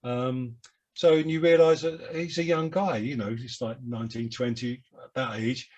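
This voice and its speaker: An older man with a London Cockney accent, his voice slightly husky and sitting at a middle pitch. He rambles through his memories in a self-deprecating way. He speaks over a video call. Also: steady tone, normal speed, a little mellow. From London, England. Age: 70s. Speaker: guest musician. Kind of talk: reflective interview chat.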